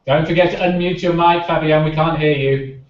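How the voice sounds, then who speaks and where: A man's voice: a little high, fairly even intonation, a little fast, dull audio. Distant, echoey man moderating a call. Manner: friendly, laughing, prompting speakers. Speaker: panel moderator. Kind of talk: online panel hosting. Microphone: video call.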